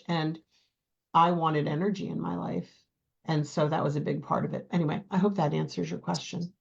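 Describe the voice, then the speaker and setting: Animated middle-aged woman telling her story. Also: low voice, fairly quick, gravelly, husky, dull audio. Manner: animated storyteller, quotes her own thoughts, laughs easily. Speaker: program client, guest. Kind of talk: casual interview chat.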